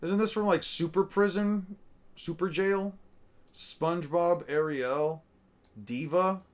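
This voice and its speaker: A man with a slightly high voice talks loosely and profanely. He rambles and mutters names to himself as he reacts, in an offhand, unscripted way. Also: takes it slowly. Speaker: streamer reacting to artwork. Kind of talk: casual commentary.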